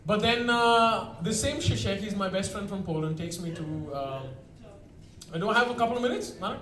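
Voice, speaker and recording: A man's voice: sits high, moderate pace, a bit bright. Male stand-up comic from India, self-mocking storyteller, caught from a distance in a roomy venue. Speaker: stand-up comedian. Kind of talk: stand-up set. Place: comedy show venue. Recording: echoey room, far mic, crowd audible.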